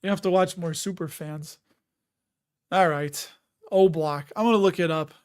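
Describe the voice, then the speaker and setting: A man's voice: sits high, fairly even intonation, normal speed, clear, resonant tone. A man with a Chicago accent hosting a casual live stream, rambling and chatty and often laughing as he reads out viewer comments.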